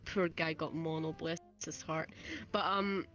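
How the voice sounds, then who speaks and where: A young woman with a Scottish accent chats as a guest, giggling often and acting out the voices of people in her stories. Her voice sits at an ordinary pitch. The sound is a little dull and lo-fi, with faint music behind her. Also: a little slow. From Scotland. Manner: giggly, animated storyteller, acts out quoted voices. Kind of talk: casual chat.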